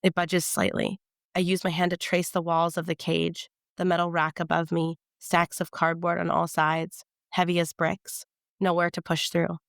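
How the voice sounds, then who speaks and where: A woman reading her novel aloud in the first person, in a measured, tense storytelling manner. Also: fairly low pitch, monotone, creaky, dry recording, clean studio sound.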